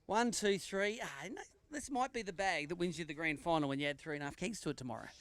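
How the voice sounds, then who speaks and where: Calling out weights and standings at a live fishing tournament weigh-in, an Australian host trades jokes with the anglers. He talks at a quick pace, his somewhat high voice animated and fairly bright.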